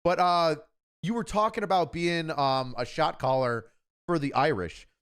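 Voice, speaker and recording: A man's voice: on the high side, a little slow, fairly bright tone, smooth. A man, a police officer hosting a stream, talking in a rambling, profane, laughing way. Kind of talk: casual chat.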